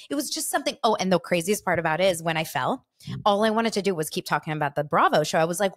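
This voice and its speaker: A woman's voice: fairly low pitch, sing-song, quick pace. A woman hosting a casual chat show, telling a rambling story full of fillers. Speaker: podcast host.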